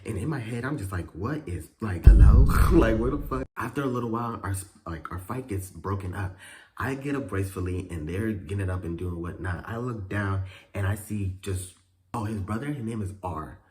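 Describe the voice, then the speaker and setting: A man telling a story in a casual vlog, animated and profane, full of slang and fillers, jumping into high voices to act out quotes. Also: a little fast. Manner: acts out quotes with sudden high pitch jumps.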